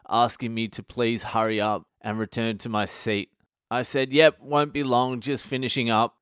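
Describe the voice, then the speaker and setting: Australian comedian, male, raunchy story monologue, smooth clear voice, dry close sound. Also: medium pitch, no room sound. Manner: crude, animated, swears often. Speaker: comedian podcast host.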